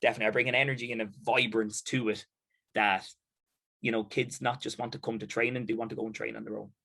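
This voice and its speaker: An Irish man, a basketball captain and coach, in casual chat, animated and quick to laugh. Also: lowish voice, vocal fry, breathy edge. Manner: animated, laughs often, acts out sounds.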